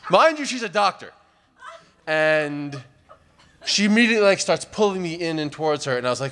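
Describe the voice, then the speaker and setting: A man's voice: fairly high pitch, big pitch swings, normal speed, pauses often, fairly bright tone. A man doing stand-up comedy, telling a long story in a rambling, wry way with many fillers.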